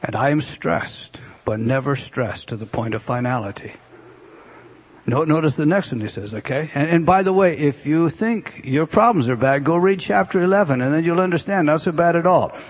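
A man preaching with a somewhat higher voice that carries a husky, breathy edge. He explains the meanings of words, then swings between emphatic raised passages and hushed, drawn-out repetitions. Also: animated. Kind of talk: sermon.

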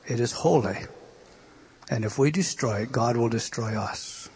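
A man preaching a sermon, moving between loud emphatic lines and hushed whispers. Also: mid-range voice, measured pace, husky.

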